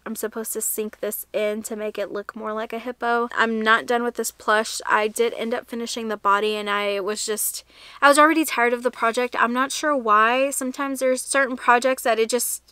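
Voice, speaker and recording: A woman's voice: fairly high pitch, steady tone, normal speed, sharp tone, clean tone, dry recording. A young woman chatting casually in a crochet vlog, rambling and correcting herself as she shows her projects. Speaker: crochet vlogger. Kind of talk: casual show-and-tell vlog.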